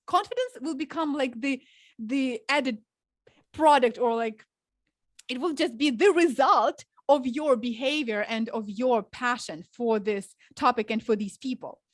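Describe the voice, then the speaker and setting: A woman's voice: fairly high pitch, dry recording. A woman public speaking coach, a podcast guest, giving earnest, practical advice and demonstrating tone of voice. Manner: earnest, instructive, demonstrates vocal inflection.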